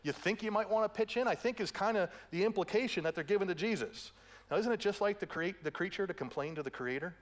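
A male pastor preaching a conversational sermon, often asking "right?" and swinging between raised emphasis and quiet, intimate asides. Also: high-pitched, fast talker. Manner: conversational preaching with tag questions, swings between loud and hushed.

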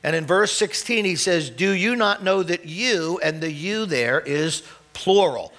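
High-voiced pastor preaching. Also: male voice, expressive, a little slow, fairly bright tone. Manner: conversational preaching with frequent restarts and throat clearing. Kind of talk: sermon.

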